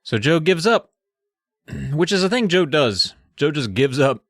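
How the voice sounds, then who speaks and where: Animated male storyteller, dry close sound. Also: fairly high pitch, unhurried, breathy edge, no echo. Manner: storytelling, profane, mock-dramatic. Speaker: podcast co-host. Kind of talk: casual chat recapping a book.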